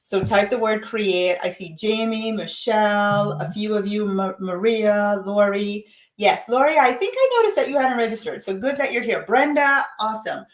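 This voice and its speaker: A woman's voice: mid-range voice, moderate pace. A woman leading a live-stream coaching session, upbeat and encouraging, chatting to viewers by name. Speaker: livestream coach. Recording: roomy echo.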